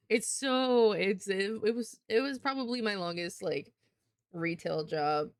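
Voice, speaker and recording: A woman's voice: medium pitch, takes it slowly, clean tone. A young woman chatting casually on a livestream, rambling and swearing as she talks with viewers. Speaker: streamer.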